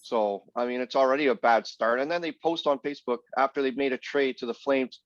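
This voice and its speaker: Man, mid-pitched, blunt sarcastic co-host, dull dry lo-fi sound. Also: a little fast, no echo. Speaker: podcast co-host. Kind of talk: casual sports chat.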